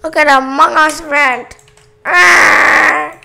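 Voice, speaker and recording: A woman's voice: high-pitched, very animated, takes it slowly, a bit bright, a little hiss or hum. A female gamer talking through a silly role-play game in a playful, goofy way. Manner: playful, goofy, jumps between put-on voices.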